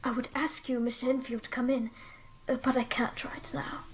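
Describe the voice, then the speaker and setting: A woman voicing a reclusive, troubled male doctor, speaking in a hushed, hesitant, breathy way. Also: high-pitched, little pitch movement, normal speed, a little hiss or hum, lightly acted. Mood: hushed, uneasy. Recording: faint music behind.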